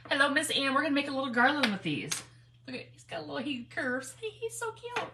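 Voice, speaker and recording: A woman's voice: sits high, expressive, quick pace, noisy background. A woman, hosting a live craft stream, chatty and laughing, greeting viewers by name. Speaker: craft livestream host.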